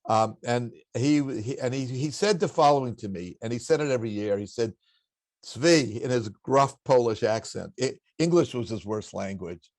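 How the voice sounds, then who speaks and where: An older man from Los Angeles, a guest telling reflective stories from his childhood with many halting restarts. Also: mid-range voice, a little mellow, dry recording. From Los Angeles, USA. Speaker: interview guest. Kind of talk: reflective storytelling.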